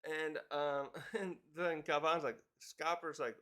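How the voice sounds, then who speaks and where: A man's voice: a little high, takes it slowly, few pauses, a bit bright, smooth. A man casually recapping a comic chapter, rambling with fillers and chuckles. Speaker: manga reviewer.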